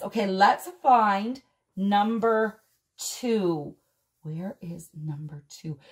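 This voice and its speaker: A fairly high-pitched woman host speaking at an unhurried pace. She gushes over each toy she unboxes, gasping and exclaiming as she talks straight to her viewers. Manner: gushing, excitable, frequent gasps and exclamations. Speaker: doll collector vlogger.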